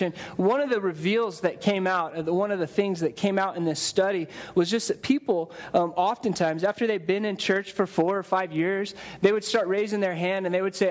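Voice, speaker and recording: A man preaching a conversational sermon to his church, with restarts and quick acted-out quotes. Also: sits high. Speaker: pastor. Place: church sanctuary.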